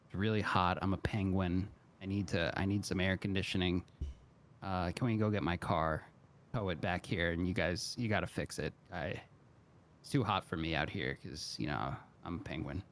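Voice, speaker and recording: A penguin stuck in the desert heat, pleading in a plaintive, rambling way, as a man telling a joke puts him on. The voice sits a little low, and a faint room hum is audible underneath. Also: normal speed, natural voice. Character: overheated male penguin stranded in the desert.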